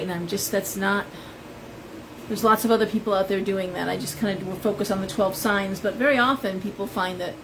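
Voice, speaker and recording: A woman's voice: mid-range voice, background noise. Chatty woman telling stories on a live stream. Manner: chatty, rambling storyteller. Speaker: shop owner and tarot reader. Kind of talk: live-stream chat with viewers.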